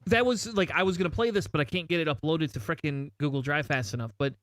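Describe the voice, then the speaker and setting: Man, higher-pitched, podcast host, rambling casual banter, dry close sound. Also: quick pace, a bit bright, no room sound. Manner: rambling, self-interrupting, joking. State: has been drinking.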